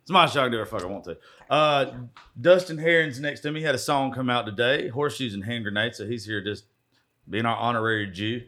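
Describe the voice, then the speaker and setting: A man's voice: medium pitch, fast talker, sharp tone. A man hosting a podcast in rowdy, profane, joking casual chat, sounding hungover after an all-nighter. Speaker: podcast host.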